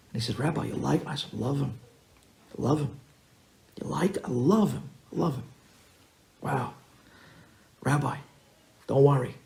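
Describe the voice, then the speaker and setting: A rabbi telling a story to an audience, acting out the dialogue in a lively way. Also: male voice, mid-range voice, a little slow, creaky, pauses often. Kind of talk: storytelling talk.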